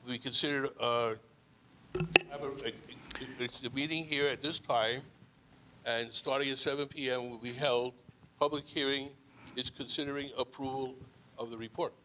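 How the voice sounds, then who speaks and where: A man's voice: medium pitch, steady tone, normal speed, noisy background. A man giving public comment at a council meeting, hesitant and stumbling over his words.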